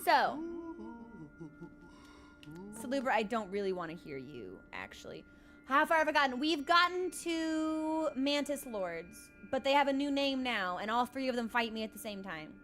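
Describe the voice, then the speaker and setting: A woman streaming a game, chatting casually and telling animated stories full of "like" and quick laughs. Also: sits high, faint music behind. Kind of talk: casual live-stream chat.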